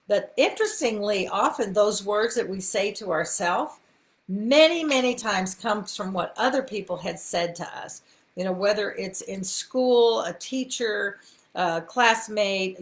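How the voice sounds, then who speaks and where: A middle-aged woman, hosting a live faith talk in a folksy, encouraging way with many ums and asides. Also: medium pitch. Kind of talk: casual live-stream teaching.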